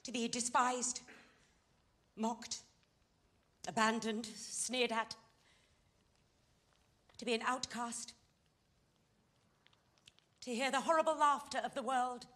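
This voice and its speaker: A woman's voice: fairly high pitch, steady tone, takes it slowly, long pauses, fairly bright tone. An actress playing a fallen society woman who pleads urgently and with passion in a stage play scene. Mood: pleading. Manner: impassioned, pleading.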